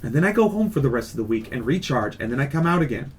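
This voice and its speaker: A man's voice: mid-range voice, quick pace, faint music behind. A man hosting a casual podcast, rambling and ranting with lots of swearing. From California. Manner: rambling, animated rants with profanity. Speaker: podcast host.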